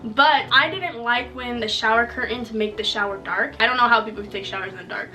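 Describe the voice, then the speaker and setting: Brief: young female vlogger, bright and slightly high, chatty jokey storytelling, mic a bit distant. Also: brisk, soft background music. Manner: chatty, joking, says "okay?" often. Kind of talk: casual storytelling to viewers.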